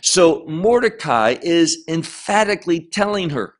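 A man teaches a Bible lesson in a slightly high, very lively voice that swoops up and down. He speaks slowly and leans hard on key words. He often restarts a phrase and repeats words to make his meaning plain. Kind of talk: Bible lecture.

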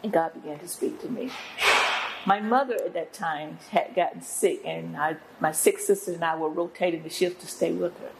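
Older woman, guest pastor; low and gravelly, preacherly storytelling. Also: normal speed, very noisy. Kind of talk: testimony in an interview.

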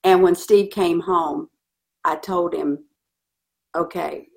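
A middle-aged woman telling a personal story in an interview, earnest and animated. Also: fairly low pitch, takes it slowly, gravelly. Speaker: guest.

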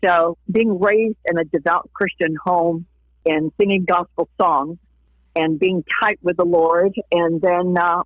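A woman's voice: fairly low pitch, dry recording. A woman from Florida shares her faith story as a guest on an interview show. She laughs often and plays out the voices of people she quotes. Her voice comes through a tinny phone line with a dry, close sound. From Florida, USA. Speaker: interview guest, singer and evangelist. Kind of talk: personal testimony in a casual interview.

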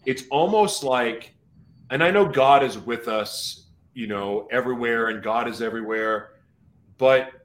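A man's voice: mid-range voice, unhurried, roomy sound. A man hosting a faith conversation, thinking aloud in a searching, reflective way with many fillers. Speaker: host.

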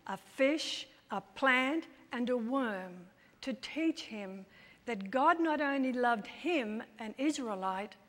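A woman's voice: fairly high pitch, expressive, slow, fairly bright tone, in a large hall. A woman telling a Bible story as scripted narration, dramatic and playful, with wry asides.

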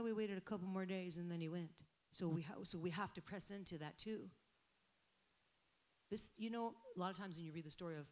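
Passionate woman preaching a sermon. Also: fairly low pitch. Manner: passionate preaching that builds to loud emphatic peaks.

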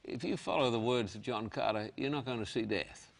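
A man in conversational Bible teaching, earnest, slowing down to read scripture aloud. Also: medium pitch, vocal fry. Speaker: guest preacher explaining the Bible.

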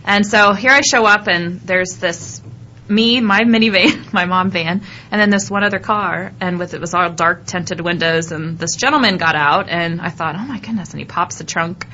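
A woman in her thirties, a jewelry sales guest on a chat show, telling stories in an animated way and laughing often. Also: fairly low pitch, moderate pace. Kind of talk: casual chat show interview. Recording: dull lo-fi sound, faint background noise.

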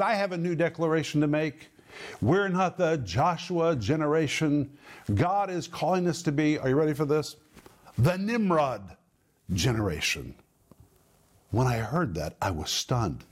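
A middle-aged man preaching a sermon, teaching word meanings with emphatic, drawn-out stresses. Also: on the high side, darkish tone. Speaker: pastor, Bible teacher.

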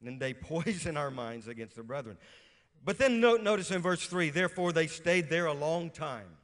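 Man, middle-aged pastor, preaching sermon, questioning congregation, slightly high voice, big church reverb. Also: normal speed, a bit bright. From Louisiana. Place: church sanctuary.

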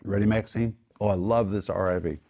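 Lowish guy preaching, punchy emphatic delivery, bible teaching. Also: steady tone, brisk, dark tone. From United States. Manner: emphatic, rises sharply on key words. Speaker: pastor. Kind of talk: sermon-style Bible teaching.

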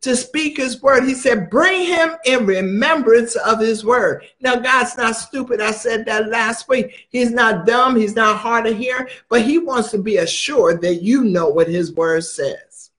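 Very high-voiced man preaching emphatically. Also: measured pace, few pauses, bright, forceful tone. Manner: emphatic, repeats phrases for stress. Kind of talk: sermon.

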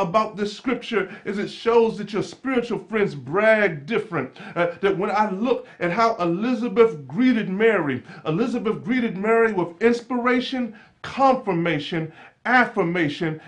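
A man preaching a sermon as pastor, with a repetitive cadence that builds from calm teaching to loud exclaiming. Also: sits high.

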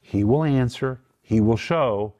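A man's voice: medium pitch, slow pace, warm tone. A middle-aged man teaching the Bible on a Christian broadcast, emphatic and lifting his voice when quoting scripture. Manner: emphatic, lifts voice for quoted words.

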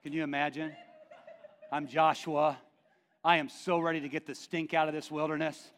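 A man pastor preaching a sermon in an animated, joking way. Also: a little high, moderate pace, slight background noise.

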